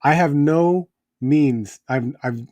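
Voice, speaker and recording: A man's voice: a little high, takes it slowly, warm tone, dry recording, highs cut off. A man, a homeowner in his thirties hosting a toy live stream, ranting in a rambling, exasperated way, with restarts and fillers. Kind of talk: casual live stream rant. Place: home.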